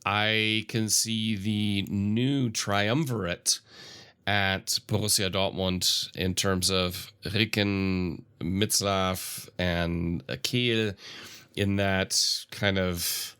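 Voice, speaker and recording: A man's voice: low-pitched, fairly even intonation, extremely slow, bright, forceful tone, clean tone. A man co-hosting a football podcast, giving thoughtful analysis with plenty of ums and restarts. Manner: thoughtful, analytical, many fillers. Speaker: podcast co-host. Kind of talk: casual football analysis chat.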